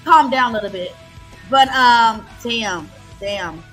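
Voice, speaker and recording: A woman arguing on a livestream call, loud and profane, repeating herself. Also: fairly high pitch, slow pace, faint music behind. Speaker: livestream guest. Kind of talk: heated livestream argument.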